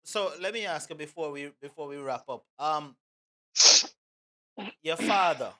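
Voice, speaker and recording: An interviewer asking gentle, hesitant questions. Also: mid-range voice, animated, unhurried. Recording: quiet voice, distant from the mic.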